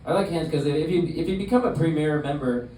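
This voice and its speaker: A young man doing a stand-up comedy set in a club, with a deadpan, halting delivery full of fillers. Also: fairly high pitch. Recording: roomy club sound from a distance, audience noise. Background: audience laughter.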